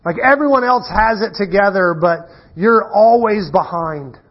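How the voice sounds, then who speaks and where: High-voiced man preaching a casual sermon. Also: lively intonation, unhurried, slightly rough. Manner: storytelling, casual and self-deprecating, with frequent restarts. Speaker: pastor. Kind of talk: conversational sermon. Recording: dull muffled lo-fi recording.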